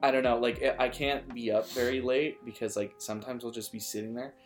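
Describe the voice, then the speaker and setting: A man's voice: medium pitch, fairly even intonation, brisk. A young man telling personal stories in casual chat, full of like and filler words. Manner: filler-heavy, says like a lot. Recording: faint guitar music behind.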